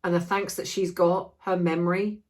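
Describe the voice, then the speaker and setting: A woman's voice: on the low side, little pitch movement, moderate pace. A woman giving an impassioned, ranting opinion vlog with many restarts, feeling unwell. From Australia. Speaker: commentary vlogger.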